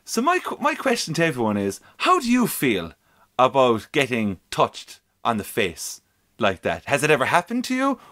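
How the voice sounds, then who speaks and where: A man co-hosting a casual podcast, telling a story in an animated way and swearing freely. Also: mid-range voice, normal speed. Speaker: podcast co-host.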